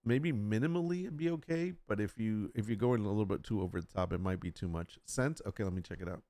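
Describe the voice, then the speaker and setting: A man's voice: on the low side, quick pace, mellow, no echo. A man chatting casually on a live stream, talking through his work and reading text aloud with joking asides. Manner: chatty, reads aloud, jokes with chat.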